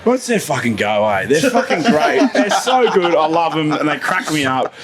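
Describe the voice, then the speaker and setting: A man's voice: on the high side, sing-song, normal speed, a loud crowd. A man, a podcast host chatting in a cheeky way, swearing freely and laughing through his words. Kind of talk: casual podcast chat.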